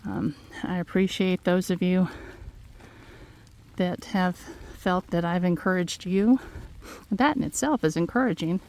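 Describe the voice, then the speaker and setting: A woman speaks slowly into her phone outdoors, a little out of breath. Her voice sits fairly low, and her encouraging talk comes in gentle, halting phrases. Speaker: farm vlogger. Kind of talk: casual heartfelt talk to viewers. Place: outdoors in fog. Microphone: handheld phone.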